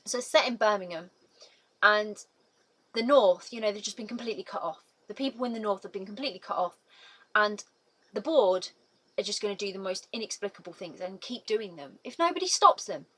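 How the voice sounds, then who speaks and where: A woman's voice: mid-range voice, lively intonation, fairly quick, a bit bright, breathy edge, poor audio. A young woman giving a casual, emotional video book review, gushing and full of "like" and "literally".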